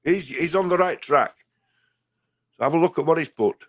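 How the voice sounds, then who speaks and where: A man's voice: on the high side, moderate pace, no room sound, studio quality. An older man with a Yorkshire accent, co-hosting a casual live stream, reading out viewer comments and joking. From Yorkshire, England. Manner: chatty, reads viewer comments aloud, jokey.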